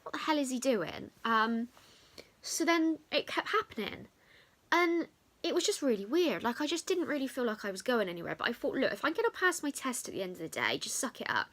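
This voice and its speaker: A young English woman, a vlogger, tells a chatty storytime vlog to camera, her voice a little high and her delivery brisk. She retells events animatedly, with lots of fillers along the way.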